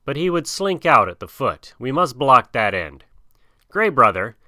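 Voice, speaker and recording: A man's voice: medium pitch, big pitch swings, unhurried, pushed and bright, no room sound, studio quality, exaggerated voice. A man voicing a bold young jungle hero who gives orders in old-fashioned thou speech. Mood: commanding. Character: bold jungle boy leading wolves and herd.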